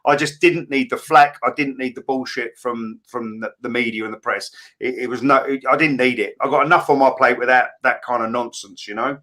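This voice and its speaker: Man, middle-aged, bright tone, candid, plain-spoken, filler-heavy, interview guest. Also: mid-range voice, fairly even intonation, a little fast, hardly any pauses. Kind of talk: casual interview chat.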